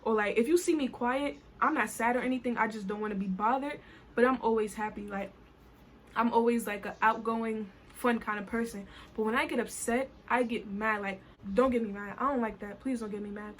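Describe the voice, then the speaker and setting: Animated young woman with a Caribbean accent. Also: a little high, fairly quick, a little hiss or hum. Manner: animated and indignant, colloquial. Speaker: vlogger. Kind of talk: storytime vlog. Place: New York.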